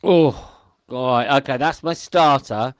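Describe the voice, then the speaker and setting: A man's voice: medium pitch, slow pace, smooth, dry recording. A man hosting a panel show over a video call, playful and theatrical, chatting with his guests. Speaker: host.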